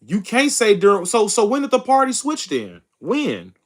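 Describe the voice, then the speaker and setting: A young man runs a political stream in a combative, mocking rant aimed at his chat. His voice sits high and swings widely in pitch. He peppers his lines with bro and dude. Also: wildly swooping pitch, moderate pace, fairly bright tone. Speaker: host of a political livestream reading chat. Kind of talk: heated casual commentary.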